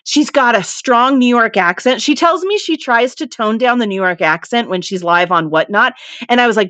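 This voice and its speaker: A woman's voice: a little high, animated, normal speed, fairly bright tone, no room sound. A woman hosting a casual livestream. She talks in a chatty, rambling way, reads viewer comments aloud and laughs easily. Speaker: livestream seller host.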